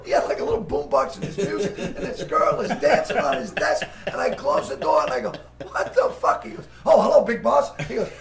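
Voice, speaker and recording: A comedian with a Boston accent tells loud, profane stories and breaks into shouts and laughter. His voice is deeply gravelly and sits high, swinging wildly up and down. The room around him is echoey. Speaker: comedian guest. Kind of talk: raucous storytelling.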